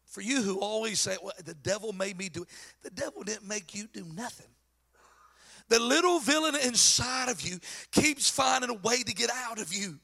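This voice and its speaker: Moving at a moderate pace, this pastor's sermon comes in a bright, forceful, very high and gravelly voice. He shifts between quiet asides and shouted exhortation, and imitates quoted voices with mocking flair.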